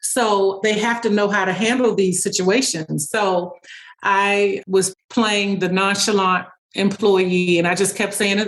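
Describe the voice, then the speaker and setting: Speaking in a steady, mid-range voice, a female speech-language pathologist responds to interview questions with fast-paced stories. Fillers and restarts run through her speech, and she performs snippets of dialogue.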